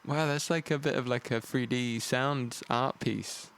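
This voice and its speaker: A man's voice: mid-range voice, steady tone, a little slow, creaky, a bit bright, clear, resonant tone. A young man co-hosting a podcast, wry and playful, fond of old-fashioned exclamations. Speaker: podcast co-host. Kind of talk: casual chat.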